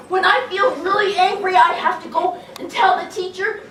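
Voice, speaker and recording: A woman with a very high, bright voice gives a playful, exaggerated talk to a live audience, acting out feelings with gasps and laughs. She sounds distant from the mic, in an echoey room with a faint hum of ambience. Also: fairly even intonation, moderate pace, few pauses. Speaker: children's educator giving a talk.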